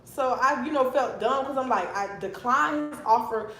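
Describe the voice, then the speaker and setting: Blunt, animated young woman. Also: high voice, normal speed, music in the background. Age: young adult. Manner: animated, blunt, swears often. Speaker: vlogger telling a storytime. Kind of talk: casual livestream storytime. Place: her apartment, indoors. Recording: echoey room.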